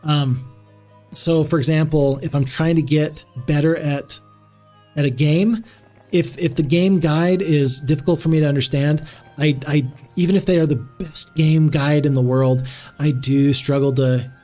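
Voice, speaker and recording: A male streamer talking through a strategy game in relaxed, neutral speech. He rambles and restarts his sentences often, his voice a bit high. Faint music plays underneath. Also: measured pace. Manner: chatty, rambling, many restarts. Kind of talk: casual live-stream commentary.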